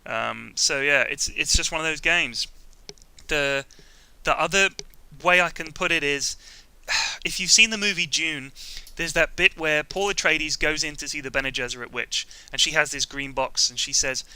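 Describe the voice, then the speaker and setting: Man, casual vlog, profane jokey rambling, smooth clear tone, dry close sound. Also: a little high, normal speed, sharp tone, dry recording. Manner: profane, self-mocking, jokey. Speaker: gaming vlogger.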